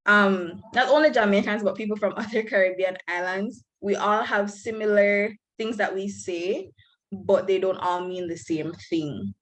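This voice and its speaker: A woman's voice: medium pitch, steady tone, moderate pace, a bit bright, rough recording. A young woman from Belize, giving frank, earnest advice to new students on a video call. She speaks candidly and laughs lightly now and then.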